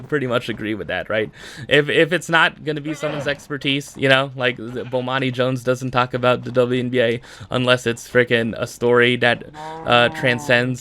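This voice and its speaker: A man's voice: mid-range voice, gravelly, bright, forceful tone. A man hosting a casual solo podcast, rambling with lots of filler words, laughing often and joking at his own expense. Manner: self-deprecating joking. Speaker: podcast host.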